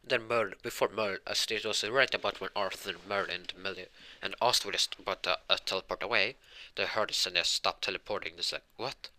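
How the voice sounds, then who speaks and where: A man's voice: low voice, steady tone, fast, bright, forceful tone. Rambling man telling a fan story. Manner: rambling, self-correcting. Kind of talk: casual fan fiction storytelling.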